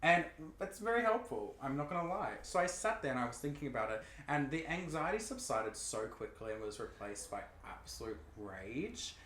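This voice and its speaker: A man's voice: medium pitch, very animated, normal speed, few pauses, a bit bright. A young man co-hosting a podcast, telling a story in a dramatic, profane way. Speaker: podcast co-host. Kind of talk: casual podcast chat. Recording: echoey room with faint noise.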